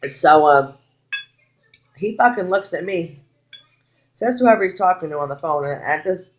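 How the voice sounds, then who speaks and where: A woman's voice: fairly low pitch, normal speed. Frank, foul-mouthed young woman vlogger. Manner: frank, heavy swearing, animated retelling with quoted lines. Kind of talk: casual storytime.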